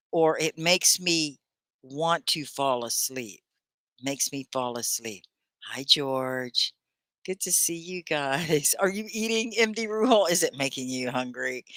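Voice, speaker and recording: Middle-aged Texan woman, live ESL host, very lively pitch, chatty and upbeat. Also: no echo. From Texas, United States. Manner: chatty, upbeat, laughs often, asks viewers questions. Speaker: ESL teacher hosting a live class. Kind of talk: live online English lesson, reading viewer comments.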